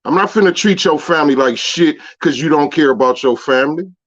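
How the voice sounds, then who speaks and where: A man's voice: a little high, brisk, a bit bright. Slangy, emphatic male co-host, lo-fi. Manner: laid-back slangy talk, emphatic. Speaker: radio co-host. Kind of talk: casual call-in radio talk.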